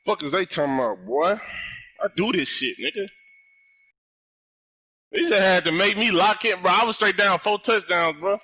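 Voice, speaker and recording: A young man giving live commentary on his own gameplay, loud and full of profane trash talk. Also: high-pitched, animated, moderate pace, pauses often, breathy edge. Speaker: gamer.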